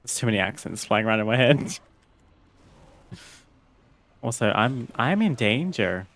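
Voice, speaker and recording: A man's voice: lowish voice, fairly even intonation, a little slow, fairly bright tone. A man streaming a video game, chatting casually with viewers, laughing often and reading game text aloud. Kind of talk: casual gameplay commentary.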